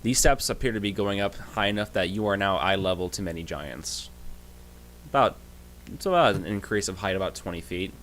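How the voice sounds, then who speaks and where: Halting low-voiced male game master. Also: fairly bright tone, slight background noise. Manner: halting, with many restarts. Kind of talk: narrating a tabletop game.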